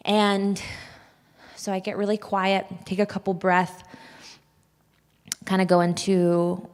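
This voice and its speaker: At a church event in a large hall, a woman shares a personal testimony with the audience, speaking openly and confessionally. Her medium-pitched, clean voice is slow with little pitch movement, sounding shaky and nervous and breaking into nervous laughs. The recording has a long hall reverb.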